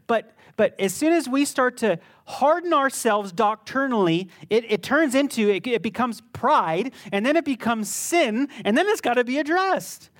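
A middle-aged male pastor preaching a sermon in a conversational, animated way that bursts into sudden intensity. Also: very high-pitched, normal speed, few pauses.

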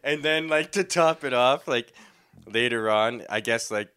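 A man's voice: medium pitch, measured pace, sharp tone, clear, resonant tone. A young man, a comedian, telling a story in a rambling, laughing way with many fillers. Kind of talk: casual storytelling.

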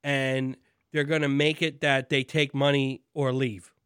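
A man co-hosting a casual chat, animated and jokey, acting out quotes from the show. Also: mid-range voice, measured pace, clean tone, no room sound, clean studio sound. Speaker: podcast co-host.

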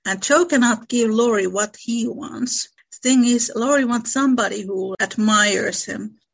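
A woman's voice: fairly high pitch, a little slow, creaky. A woman who reads a classic novel's passages aloud and then discusses them in a casual book chat. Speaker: book club co-host reading aloud.

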